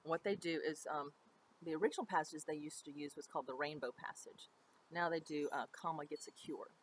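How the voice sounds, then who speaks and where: A woman's voice: deep voice, a little hiss or hum, rough recording. Give me a chatty woman drama teacher explaining homework, with faint building work behind her. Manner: chatty, explanatory, with frequent ums and okays. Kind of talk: recorded mini-lesson. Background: building work going on nearby.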